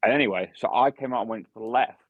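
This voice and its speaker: On a dull, dry lo-fi podcast mic, a young man who co-hosts the show and works as a barman tells a story casually, cursing a lot and stumbling through fillers and restarts. He talks quickly in a mid-range voice, with no room sound.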